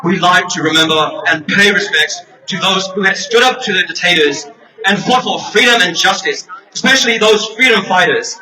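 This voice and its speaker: A man addresses a rally as a community representative, loud and declamatory. His voice sits high and reaches the mic from a distance over a noisy crowd. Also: moderate pace. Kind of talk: rally speech. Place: outdoor rally.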